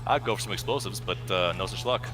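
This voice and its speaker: Over background music, a man co-hosting a gameplay video offers casual commentary in a musing, analytical and wordy manner. His voice is lowish and his pace quick.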